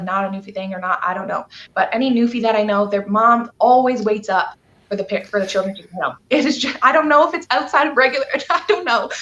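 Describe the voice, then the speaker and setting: A woman's voice: medium pitch, bright, forceful tone, dull audio. A woman from Canada, a guest telling a personal story on a live stream, earnest and emotional, rambling with fillers.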